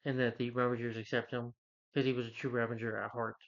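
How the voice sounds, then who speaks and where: Man, movie reviewer, rambling casual recap, filler-heavy, mid pitch, dull lo-fi recording. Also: flat delivery, quick pace, a bit bright. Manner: rambling, full of "like" and "you know".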